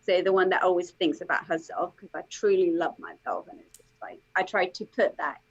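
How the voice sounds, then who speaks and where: A woman coach talking as an interview guest, emphatic and animated, peppering her talk with "okay" and "like". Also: fairly low pitch, brisk, highs cut off.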